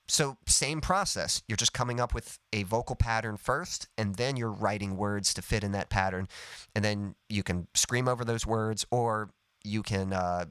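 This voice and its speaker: A man's voice: fairly low pitch, fairly bright tone, clear, resonant tone, no echo. A man teaching songwriting in a live lesson, explaining step by step in an easygoing way with lots of "sort of" and "kind of.". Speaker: songwriting coach.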